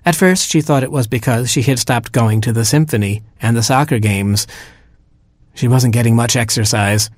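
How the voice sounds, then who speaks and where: A man reading a story aloud in a wry, gently humorous way. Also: medium pitch, moderate pace, no room sound.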